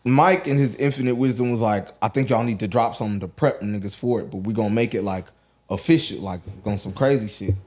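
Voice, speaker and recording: A man in his thirties from Atlanta, a rapper guest telling stories in a relaxed podcast chat, full of "like" and "you know what I'm saying". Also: lowish voice, fairly quick. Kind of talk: casual podcast conversation.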